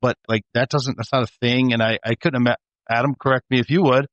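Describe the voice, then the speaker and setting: A man's voice: mid-range voice, fairly even intonation, a bit bright, no echo, highs cut off. A man hosting a podcast, a former police officer, asking questions in blunt, profane, casual talk. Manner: quick, blunt, profane, talks over others. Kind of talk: casual interview chat.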